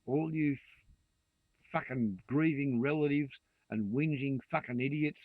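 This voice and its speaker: A man's voice: mid-range voice, unhurried, dry recording. A man in his sixties with an Australian accent, ranting vehemently and swearing freely in a monologue to camera. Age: 60s. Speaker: vlogger. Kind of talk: angry rant to camera. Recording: dry tinny phone-like sound.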